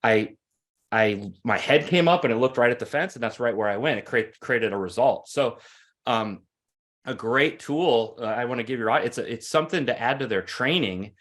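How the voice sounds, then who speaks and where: A man's voice: medium pitch, moderate pace. Earnest man coaching through stories. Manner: earnest, repetitive restarts, animated storytelling. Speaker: guest, coach. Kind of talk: conversational interview storytelling.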